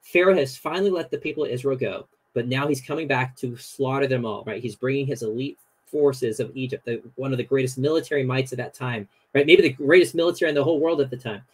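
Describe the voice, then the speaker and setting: Husky man telling stories animatedly. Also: medium pitch, fast, few pauses, poor audio. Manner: animated retelling, many fillers like "you know". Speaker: podcast guest. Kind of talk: casual storytelling chat.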